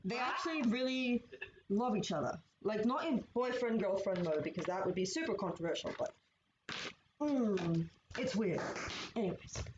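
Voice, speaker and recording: A woman's voice: mid-range voice, animated, normal speed. A woman streamer chatting casually and laughing while she draws. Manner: giggly, chatty. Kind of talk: casual chat. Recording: roomy, dull stream audio with faint hiss.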